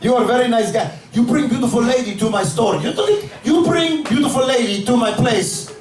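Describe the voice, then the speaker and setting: A man voicing an overly friendly Armenian shop owner with an Armenian accent, heaping on flattery. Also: very high voice, fairly quick, slight background noise, pitched above the performer's own voice. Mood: effusive. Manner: effusive, flattering. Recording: echoey club from far off, crowd.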